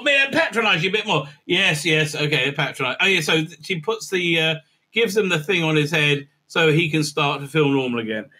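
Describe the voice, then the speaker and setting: A man's voice: on the high side, pushed and bright. A man hosting a casual, ranting review recap, crude and sarcastic with lots of fillers. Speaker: show host, TV reviewer.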